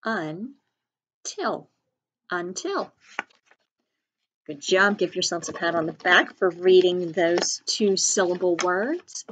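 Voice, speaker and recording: A little hiss or hum sits under this woman's fairly low, slightly bright voice. As a teacher leading a reading lesson for children, she enunciates slowly and clearly, sounding out syllables and spelling words one letter at a time.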